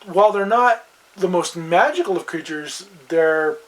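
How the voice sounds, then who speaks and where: A man co-hosting a casual chat about fantasy games, agreeable and quick with short replies. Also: high voice, expressive, a bit bright, rough recording. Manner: agreeable, with frequent short backchannels. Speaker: podcast co-host.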